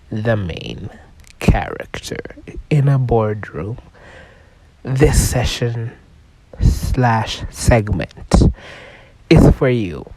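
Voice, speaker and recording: A man's voice: medium pitch, warm tone, no echo, rough recording. Laid-back man with a cold. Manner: casual, swears often, loose and chatty. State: has a cold, voice rough. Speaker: podcast host. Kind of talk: solo self-help podcast monologue.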